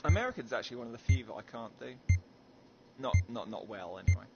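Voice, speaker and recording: A man's voice: mid-range voice, lively intonation, fast, gravelly. An English man chatting and laughing easily with friends while gaming online. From England. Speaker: gamer. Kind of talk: casual voice chat while gaming. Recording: lo-fi mic with loud game noise.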